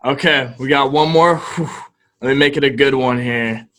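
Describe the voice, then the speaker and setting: A man's voice: medium pitch, moderate pace, a bit bright. A man hosting an interview who asks long, hesitant questions full of fillers and restarts. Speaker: interviewer, host.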